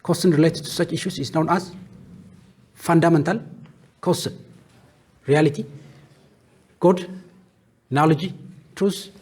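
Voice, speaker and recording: Husky-voiced man lecturing on philosophy. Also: fairly high pitch, fairly even intonation, a little mellow. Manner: asks questions and answers them himself; lists terms one by one with pauses. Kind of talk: classroom lecture.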